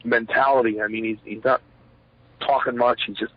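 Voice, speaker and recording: Husky former wrestler, rambling storyteller. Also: male voice, mid-range voice, steady tone, moderate pace, no room sound. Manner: rambling, many fillers, acts out quotes. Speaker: retired pro wrestler, interview guest. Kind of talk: shoot interview storytelling. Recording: dull lo-fi sound, dry.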